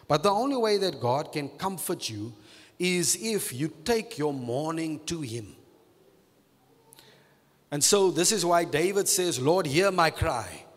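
A man preaching a sermon as pastor, repeating phrases and stretching key words slowly for emphasis. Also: fairly high pitch, in a large hall.

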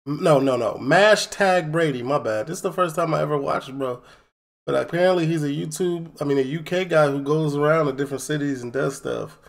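Reaction host, gravelly voice, laid-back and wry. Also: male voice, fairly high pitch, moderate pace. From Chicago. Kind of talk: casual reaction commentary.

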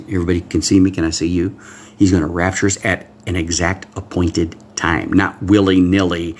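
Male pastor, husky, animated pitch, livestream sermon, hushed asides and sudden shouts. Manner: excitable, swings between hushed asides and shouted exclamations; talks directly to viewers, reads out comments. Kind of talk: livestream Bible-code sermon.

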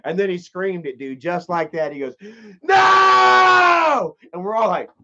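Young male streamer with a high voice, casual and rambling, swears freely; dull lo-fi audio. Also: fairly quick, crowd noise, noisy background. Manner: rambling storyteller, swears freely, shouts when acting out a scene. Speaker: live stream host. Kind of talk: casual live stream chat, reading comments.

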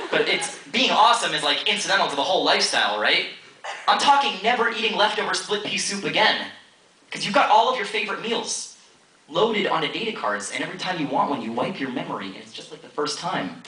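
Man, live spoken-word poet, high lively voice, taunting rhythmic delivery; taped from far back in an echoey hall with crowd noise. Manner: rhythmic, theatrical, teasing. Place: college stage before an audience. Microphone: audience camera from far off.

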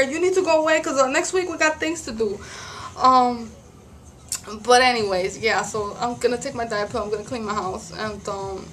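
A woman's voice: on the high side, fairly bright tone, slight background noise. A woman in her thirties venting bluntly and profanely in a casual vlog. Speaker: vlogger.

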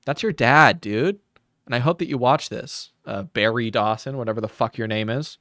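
A man rants through a sarcastic reaction commentary, mocking and swearing freely. His voice sits at an ordinary pitch. The sound is dry and close, with no room around it. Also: normal speed, sharp tone, dry recording. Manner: mocking, profane, ranting. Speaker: commentary YouTuber reacting to a video.

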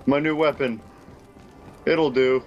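A young man giving casual gameplay commentary, reacting excitably with laughs and rambling remarks. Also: mid-range voice, slow pace, muffled recording. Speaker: gaming YouTuber. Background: game music.

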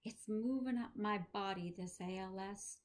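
A woman voicing a dying elderly male professor who speaks softly, calmly and without self-pity. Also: mid-range voice, lightly acted. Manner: soft, gentle, unhurried.

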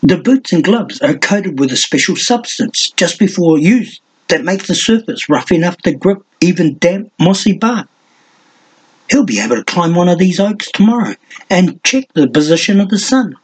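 A man's voice: sits high, lively intonation, moderate pace, slightly rough, voice pushed up, low-quality recording. A man doing an eager young valeman. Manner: eager, explanatory. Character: earnest young male valeman, his brother's champion.

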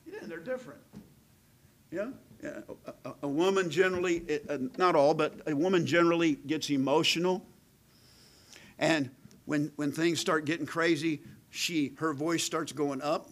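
A middle-aged man preaches a sermon in a voice pitched a little high. He leans hard into his points and asks for amens from the congregation. At other moments he drops to a soft, serious near-whisper. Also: moderate pace, low-quality recording. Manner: swings from loud emphatic preaching to hushed near-whisper; calls out "amen" to the congregation. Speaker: pastor.

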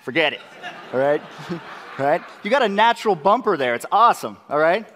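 An excitable man leads a live software demo, his voice pitched a little high and full of eager rhetorical questions. He is recorded through a presenter mic, and the long reverb of a conference hall trails behind his words. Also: a little fast, slight background noise. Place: large conference session room.

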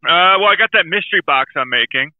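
Candid podcast co-host on a tinny line. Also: male voice, a little high, animated, fast talker, no echo. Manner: candid, rambling, self-aware asides. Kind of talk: casual podcast chat.

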